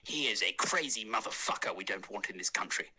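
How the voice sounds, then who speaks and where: A man's voice: lowish voice, expressive, a little fast, pushed and bright. A man doing an impression of a British prime minister, speaking in a pompous official-address manner that turns crude. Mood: mock-official.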